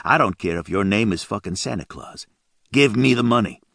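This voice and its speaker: A man's voice: fairly low pitch, animated, moderate pace, gravelly, fairly bright tone, no room sound, clean studio sound, exaggerated voice. A man voicing a menacing young male drug dealer who drawls and taunts. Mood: threatening.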